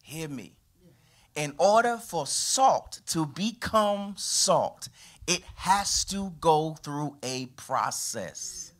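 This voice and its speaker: Speaking very slowly, a pastor delivers an animated sermon in church, his voice a little high for a man. He alternates between forceful, punched phrases and low, quiet moments, with broad swings in pitch and loudness.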